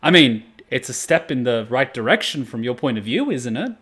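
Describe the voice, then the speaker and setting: A young man hosting an anime reaction video, chatting casually with plenty of swearing and sudden loud outbursts. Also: mid-range voice, brisk, husky. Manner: profane, animated, breaks into loud outbursts.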